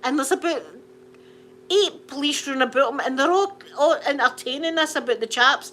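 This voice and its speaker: A Scottish woman telling funny stories in an animated, repetitive way, laughing along as she talks. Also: high-pitched, a little fast, a little hiss or hum. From Scotland. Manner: animated, laughing, repeats phrases for comic effect. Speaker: channel host. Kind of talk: casual storytelling chat.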